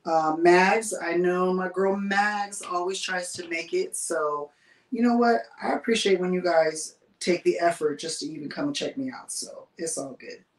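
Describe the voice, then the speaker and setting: A woman's voice: on the low side, normal speed. Woman livestream host, casual and talkative with easy laughs, picked up from across an echoey bedroom. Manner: chatty, laughs often while reading viewer comments. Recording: roomy sound from a distance.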